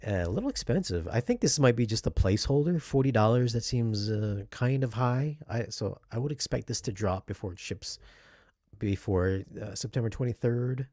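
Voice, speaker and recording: A man's voice: mid-range voice, expressive, moderate pace, a little mellow, dry recording, studio quality. A man talking casually as a video reviewer, chatty and rambling, correcting himself and asking viewers questions. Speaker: home theater video reviewer.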